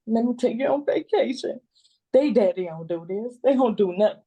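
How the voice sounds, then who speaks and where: An older grandmother, joining a custody hearing by phone video call, delivers an emotional, pleading closing statement, crying as she rambles and repeats. Her voice is fairly high, mellow and husky, expressive in tone, with a moderate pace.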